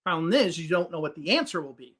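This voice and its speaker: A man's voice: on the high side, lively intonation, quick pace, a bit bright, breathy edge. Patient man explaining grammar. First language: English. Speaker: English teacher. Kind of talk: explanatory podcast conversation.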